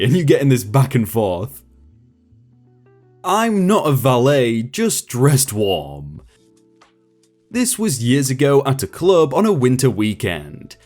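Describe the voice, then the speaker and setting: A man's voice: mid-range voice, darkish tone. A man reading out stories and commenting on them, reading the quoted lines in character and breaking off to react. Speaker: story narrator.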